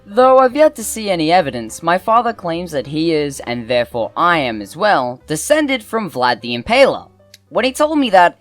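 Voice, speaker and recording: A woman hosts and narrates, reading funny posts aloud and reacting with exaggerated, sarcastic asides. Her voice sits a little low and swings widely in pitch. Soft background music runs quietly underneath. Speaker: host and narrator.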